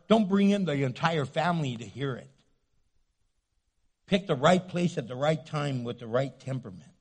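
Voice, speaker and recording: A man preaching a sermon, animated, swinging from loud to hushed and acting out the voices he quotes. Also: fairly high pitch. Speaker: pastor.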